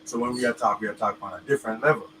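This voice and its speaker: A man's voice: on the low side, racing, far from the mic, noisy background. A man, explaining at length in patois phrasing in a casual recorded clip. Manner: patois phrasing, repeats himself.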